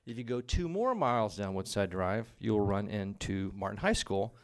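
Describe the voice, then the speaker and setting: A man from Texas, calmly setting the scene for a funny personal story. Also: on the low side, moderate pace.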